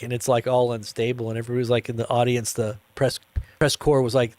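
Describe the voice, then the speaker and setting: A man's voice: mid-range voice, level tone, brisk, a little mellow, no echo. A tired man hosting a live news commentary stream, rambling and joking with viewers. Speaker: host.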